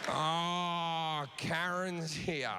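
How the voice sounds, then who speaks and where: A man's voice: fairly high pitch, little pitch movement, very slow, a loud crowd. A man acting out a dismayed young male fan who groans that his night is ruined. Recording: noisy live venue recording.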